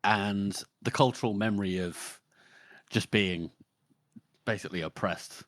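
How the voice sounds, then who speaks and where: A man with a lowish voice gives his take on a novel, cursing freely and laughing at the story. He sounds close to the mic, dry and without echo. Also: measured pace, a bit bright. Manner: reacts with laughs and blunt swearing. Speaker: podcast co-host. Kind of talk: casual book discussion podcast.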